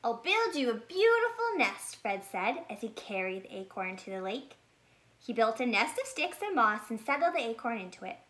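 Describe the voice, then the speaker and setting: A woman reading a picture book aloud, pausing to explain the story directly to young listeners. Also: a little high, lively intonation, a bit bright. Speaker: storybook reader. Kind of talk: children's read-aloud.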